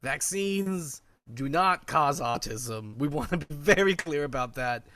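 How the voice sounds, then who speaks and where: A man co-hosting a podcast in casual chat, a bit hoarse and joking around. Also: a little high, lively intonation, measured pace, pushed and bright, slight background noise. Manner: joking, laughs often. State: hoarse, recovering from a vaccine. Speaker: podcast co-host.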